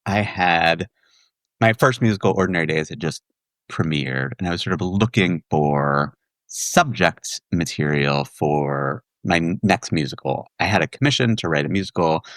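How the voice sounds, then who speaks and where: A man in his forties from the Washington, D.C. area, a guest telling a childhood story in a relaxed chat and laughing often. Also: low voice, moderate pace, no echo. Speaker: guest, musical theater writer. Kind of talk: casual podcast chat.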